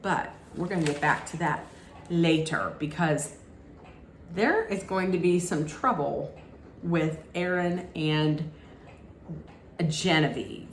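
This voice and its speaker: A woman with a lowish voice chats through a reality show recap. She restarts her sentences often and breaks into lively acted-out quotes. The room is echoey and has a faint hum behind her. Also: takes it slowly, long pauses. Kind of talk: casual recap chat.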